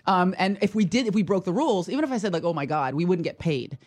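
A woman comedian tells stories on a podcast at a rapid clip. She is loud and profane and acts out the quoted lines. Her delivery stays casual and chatty throughout. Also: medium pitch. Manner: animated, profane, quick anecdotes with acted quotes. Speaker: comedian guest. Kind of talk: casual podcast chat, storytelling.

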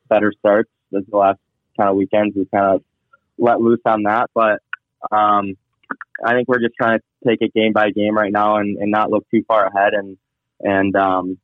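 A man's voice: on the low side, no echo. A young man, a team captain, answering interview questions casually with many fillers and repeated words. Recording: tinny phone line.

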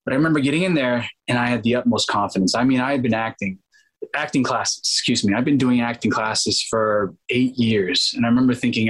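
Casting note: husky-voiced man in his thirties, chatty and animated interview guest, mid pitch. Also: rough recording. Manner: animated, laughs often, acts out quotes. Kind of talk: casual interview storytelling.

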